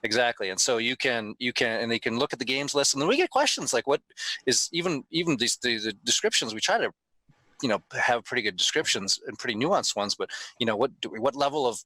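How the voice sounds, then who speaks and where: A middle-aged man talking as a guest in a casual podcast chat, emphatic and animated, with lots of restarts and the odd swear word. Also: mid-range voice, quick pace, no echo, low-quality recording. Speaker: convention owner, guest.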